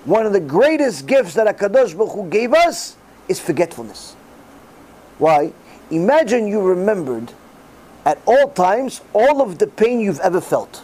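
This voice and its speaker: Animated high-voiced man giving a sermon. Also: moderate pace, rough recording. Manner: animated, acts out quoted voices. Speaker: rabbi giving a Torah class.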